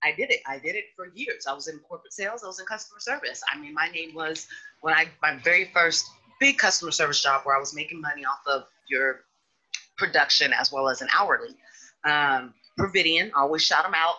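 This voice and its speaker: A woman hosting a podcast in casual chat, candid and animated, now and then slipping into high mocking voices. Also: brisk. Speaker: podcast host. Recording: dull lo-fi audio.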